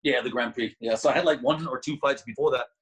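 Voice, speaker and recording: A man's voice: mid-range voice, fast, husky, rough recording. A man guest on a podcast, telling a story casually with lots of restarts and laughter. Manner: animated, laughing, many restarts.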